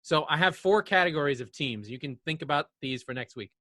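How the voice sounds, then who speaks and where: A man's voice: a little high, animated, a little fast, bright, forceful tone. A man from France co-hosting a podcast, chatting casually with a teasing, sarcastic sense of humor. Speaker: podcast co-host. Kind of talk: casual chat.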